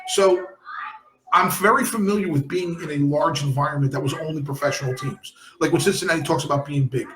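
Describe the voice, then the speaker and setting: A man's voice: fairly high pitch, fairly quick, a bit bright, echoey room, slight background noise. A man from New Jersey hosting a podcast in casual chat, blunt and emphatic. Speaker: podcast host.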